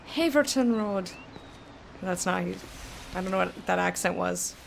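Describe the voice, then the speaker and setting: A young woman casually commenting while playing a video game, chatty and thinking aloud, with sudden bursts of excitement. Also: lowish voice, measured pace, vocal fry, a little hiss or hum. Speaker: let's play streamer.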